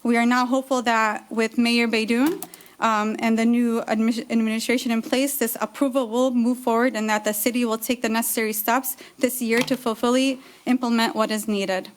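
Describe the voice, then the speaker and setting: A woman speaks to a city council from a prepared text, earnest and steady, with the odd "um". Her voice sits a little high. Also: normal speed. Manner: earnest, steady, with small fillers. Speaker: public commenter, nonprofit co-founder. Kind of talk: prepared public comment read aloud.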